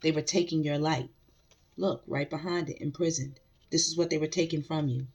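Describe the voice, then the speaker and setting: A woman's voice: low voice, fairly even intonation, normal speed, a little mellow, breathy edge. Emphatic woman giving a tarot reading. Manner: emphatic, repeats phrases, addresses the collective directly. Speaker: tarot reader. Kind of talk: casual spiritual reading to viewers.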